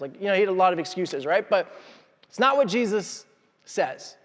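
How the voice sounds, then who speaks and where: Man, pastor, lively sermon, high voice, echoing church hall. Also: moderate pace. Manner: animated storytelling, acting out voices.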